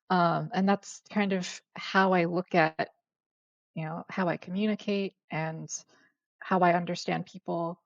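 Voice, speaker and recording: A young adult woman guest on a podcast, talking in a reflective, hesitant way with many fillers and soft laughs. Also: fairly low pitch, creaky, dry recording. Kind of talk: casual conversation. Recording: dull lo-fi dry sound.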